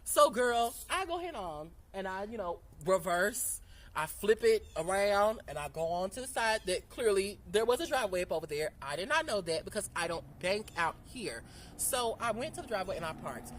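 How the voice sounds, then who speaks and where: A woman vlogger telling a story in a casual, animated and profane way, sitting outdoors. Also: medium pitch, normal speed, a little hiss or hum. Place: outdoors in sunlight.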